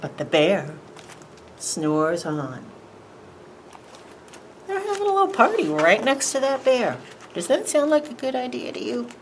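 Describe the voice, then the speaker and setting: Woman, preschool storytime reader; animated, slow-paced read-aloud. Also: a little high, a little hiss or hum, poor audio. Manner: animated, sing-song, asks children questions. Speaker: children's librarian.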